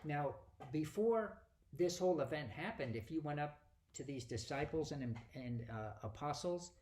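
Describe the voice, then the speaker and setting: A man with a slightly high voice delivers a Bible teaching in a relaxed, conversational way. He asks rhetorical questions and switches into the voices of the people he quotes. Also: moderate pace. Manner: animated, acts out quoted dialogue, rhetorical questions.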